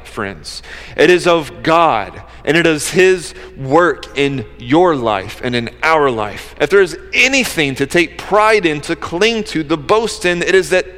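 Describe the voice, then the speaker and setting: A man's voice: fairly high pitch, a bit bright. A man preaching a sermon, earnest and conversational, at times rising to fervent emphasis. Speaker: pastor. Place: church service. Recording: long reverb of a large hall.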